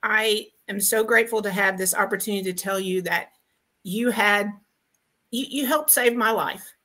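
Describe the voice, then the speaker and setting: A woman's voice: mid-range voice, normal speed, bright, forceful tone. Earnest woman caller on a video call. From Texas. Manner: earnest, grateful, many ums and restarts. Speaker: guest caller. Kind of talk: heartfelt testimonial on a podcast call.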